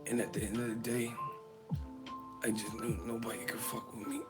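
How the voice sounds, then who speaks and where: A man's voice: on the high side, fairly even intonation, brisk, over loud music, close to an everyday voice. A man doing a brash, rambling old boxing champ. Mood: mournful. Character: brash rambling retired heavyweight boxer, man.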